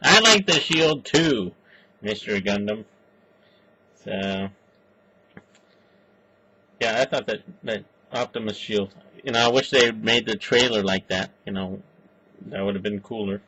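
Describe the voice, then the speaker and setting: Slow, bright-voiced rambling man. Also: lowish voice, slightly rough, rough recording. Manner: profane, halting, full of fillers. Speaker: movie reviewer. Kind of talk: casual rambling chat.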